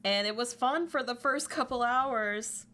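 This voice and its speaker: A woman's voice: a little slow, pushed and bright. Chatty, laughing woman streamer. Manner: chatty, swears, laughs often, quotes memes in a squeaky voice. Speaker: livestreamer. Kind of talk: casual chat.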